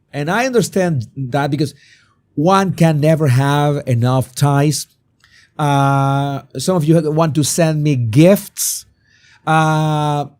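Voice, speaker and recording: Hoarse man, slow and high. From Venezuela. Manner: animated, rhetorical questions, repeats words. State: hoarse, sore throat. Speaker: host. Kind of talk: live-stream commentary.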